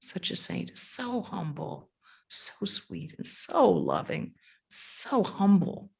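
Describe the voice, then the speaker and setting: A woman, a monastic speaker, telling stories to a retreat audience and answering questions, animated, acting out the voices of others and laughing often. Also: medium pitch, slow, creaky, breathy edge. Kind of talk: storytelling talk with audience questions.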